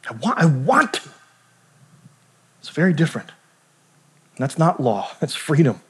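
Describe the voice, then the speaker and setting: A fairly high-voiced man preaching in an easygoing, talky manner. He often restarts his sentences and checks in with his listeners. The sound carries the long reverb of a big hall. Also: sing-song, a little slow, a bit bright. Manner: conversational, frequent restarts and asides. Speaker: pastor. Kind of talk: sermon.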